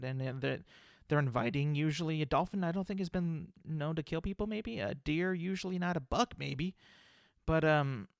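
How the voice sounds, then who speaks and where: A man's voice: on the high side, dry recording, studio quality. Rambling man hosting a solo podcast. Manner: rambling, filler-heavy, self-deprecating. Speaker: podcast host. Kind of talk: solo podcast comedy monologue.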